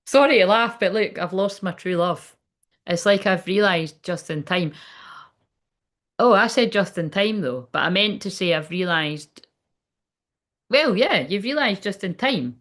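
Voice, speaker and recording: A woman's voice: lowish voice, fairly bright tone. A woman giving a casual livestreamed card reading, chatty and rambling, swearing freely. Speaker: tarot card reader.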